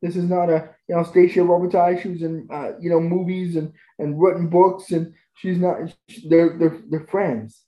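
Guy on a podcast gushing about stuff, kinda high voice, echoey room. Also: little pitch movement, moderate pace, few pauses, highs cut off. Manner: enthusiastic, gushing about experiences. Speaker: podcast guest. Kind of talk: conversational storytelling. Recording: roomy echo.

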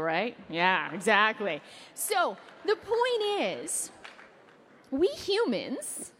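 A woman from Canada in her thirties giving a fast, playful keynote speech, quizzing her live audience with questions and quick asides. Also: high voice, a bit bright. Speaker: keynote speaker. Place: large hall before an audience. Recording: long hall reverb.

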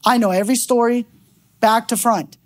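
A woman preacher giving a sermon in a church, telling a story in an animated, conversational way with bursts of laughter. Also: on the high side, moderate pace. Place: church sanctuary.

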